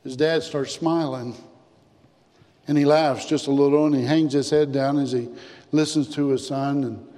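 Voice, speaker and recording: A man preaching a sermon as pastor, emphatic, repeating phrases and dropping low and soft on key words. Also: steady tone, moderate pace, in a large hall. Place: church.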